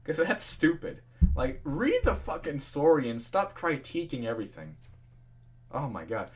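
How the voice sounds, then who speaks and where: A young man with a fairly high, very animated voice reads fan fiction aloud at an unhurried pace. He keeps breaking off to rant profanely, swearing freely and laughing at the text.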